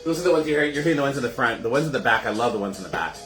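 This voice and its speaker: A man's voice: medium pitch, expressive, very fast, fairly bright tone, reverberant, faint music behind. A man hosting a casual live cocktail show from his kitchen, chatty and gushing as he greets viewers. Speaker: host of a home cocktail livestream.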